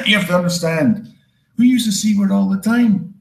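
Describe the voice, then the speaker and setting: A Scottish man with a slight Canadian tinge doing a crude, self-mocking stand-up set in a deadpan way. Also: moderate pace, gravelly, echoey room, rough recording. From Scotland. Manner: deadpan, crude, self-mocking, breaks into high mocking voices for quoted people. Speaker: stand-up comedian.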